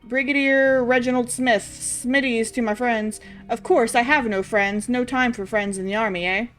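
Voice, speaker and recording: A woman's voice: fairly high pitch, steady tone, normal speed, fairly bright tone, faint music behind, lightly acted. A woman voicing a blustering, eccentric old army brigadier with a shaky put-on posh British accent while reading game dialogue on stream.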